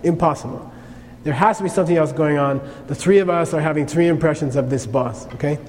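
A man's voice: a little high, fast talker, a little mellow. A man giving a lecture on Buddhist teaching, speaking conversationally and often checking in with "okay?". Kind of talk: lecture on karma. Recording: long reverb, faint noise.

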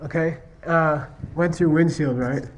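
Male Buddhist teacher, slightly high voice, chatty lecture, constant "okay?" check-ins. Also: steady tone, measured pace, a little hiss or hum. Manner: repeatedly checks understanding with "okay?" and "you see what I mean?"; tells stories, acting out question-and-answer exchanges. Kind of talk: conversational classroom lecture.

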